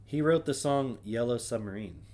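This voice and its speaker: Reading names aloud from a list during a casual solo chat on his stream, a man keeps it wry and offhand, with dry asides muttered under his breath. His voice is mid-range, animated and warm, at a moderate pace.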